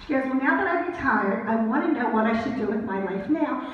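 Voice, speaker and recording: A woman's voice: high-pitched, expressive, brisk. A woman in her sixties working as a psychic medium, telling stories to a live audience in a chatty, laughing, self-deprecating way. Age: 60s. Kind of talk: live audience storytelling and readings. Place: event hall before an audience. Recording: distant echoey hall, muffled.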